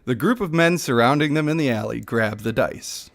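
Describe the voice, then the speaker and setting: A man's voice: medium pitch, lively intonation, moderate pace, vocal fry, few pauses. A man streaming live, reading a game story aloud in a playful, self-mocking way.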